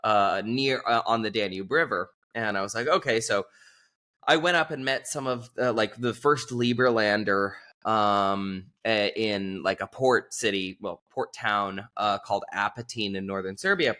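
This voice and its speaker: A man as an interview guest, telling a rambling, animated story in casual conversation and leaning on lots of filler words. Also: fairly low pitch, measured pace.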